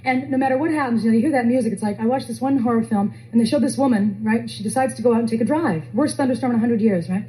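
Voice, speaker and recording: A woman's voice: fairly high pitch, racing, hardly any pauses, mellow, low-quality recording. A woman comedian performing a live stand-up set, telling stories with vocal sound effects and impressions. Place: comedy stage with a live audience. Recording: live club recording with crowd. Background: audience laughter.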